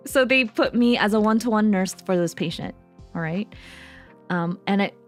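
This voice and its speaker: A woman streamer telling a work story in casual chat, animated and laughing often, acting out the people she quotes. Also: medium pitch, moderate pace, faint music behind.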